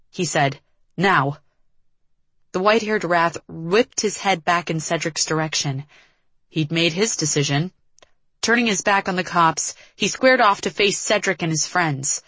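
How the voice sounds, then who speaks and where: A woman narrates a tense story in a measured, dramatic reading. Her voice sits fairly low. The sound is dry and close, with no room echo. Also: a bit bright. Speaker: audiobook narrator. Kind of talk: scripted narration.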